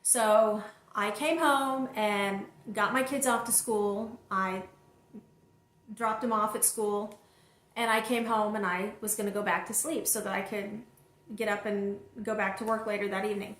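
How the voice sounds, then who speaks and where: A woman telling a personal story to her viewers, animated and talking straight to them. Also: mid-range voice, unhurried, echoey room. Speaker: vlog host and single mother.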